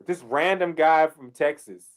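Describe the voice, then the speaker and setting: A man co-hosting a casual sports podcast, animated, with loud outbursts and heavy swearing. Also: on the high side, measured pace. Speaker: podcast co-host.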